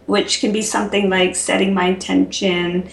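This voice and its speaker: Fortyish woman guest, bit of gravel in the voice, says um a lot, roomy echo. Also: medium pitch, level tone, a little hiss or hum. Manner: warm, measured, with frequent ums. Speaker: guest, product creator. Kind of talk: casual interview chat. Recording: echoey room.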